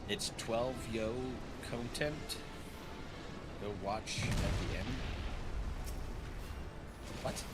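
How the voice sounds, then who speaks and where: A man's voice: on the low side, very slow, long pauses. A man streaming an online game, chatting casually and rambling, often laughing at himself. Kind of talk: casual live-stream chat while gaming. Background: game music.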